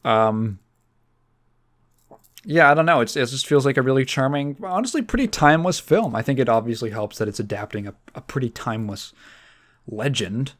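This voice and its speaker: A man's voice: medium pitch, expressive, normal speed, a bit bright. Male podcast host, casual chat, rambling and profane, laughs often.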